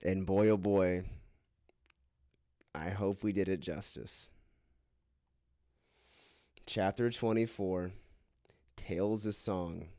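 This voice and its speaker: A man with a low, dark, steady voice reads an absurd fan fiction aloud for laughs, going slowly and pausing often. He hams up the quoted lines and keeps cracking up in this comedic dramatic reading, recorded in a clean studio with no room sound.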